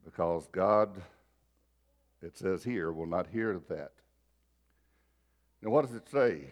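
A man preaching a sermon, telling a folksy personal story and shifting between loud and soft. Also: sits low, slow pace. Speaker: pastor.

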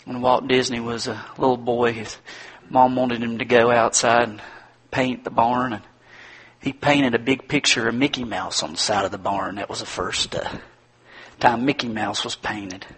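A man's voice: medium pitch, little pitch movement, normal speed, a bit bright. A male preacher giving a sermon in a folksy, storytelling manner.

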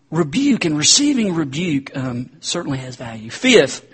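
A man's voice: on the high side, very animated, measured pace, a bit bright, breathy edge. A man preacher giving a conversational sermon and often calling his listeners "guys.". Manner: conversational, addresses the crowd as guys.

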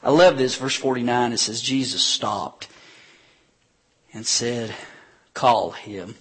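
A man preaching a sermon as a pastor, retelling scripture stories with animated delivery and acted-out voices of crowds. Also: mid-range voice, takes it slowly, breathy edge. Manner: animated storytelling preacher, acting out crowds with shouts.

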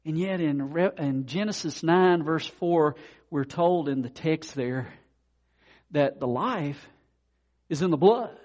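A man preaching a sermon, swinging from quiet asides to loud declarations. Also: fairly high pitch, slow pace. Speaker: pastor.

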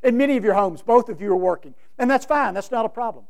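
A middle-aged male preacher giving a sermon, emphatic, with big swings from loud to soft. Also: high voice, animated, fast, vocal fry. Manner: emphatic, with wide swings in loudness.

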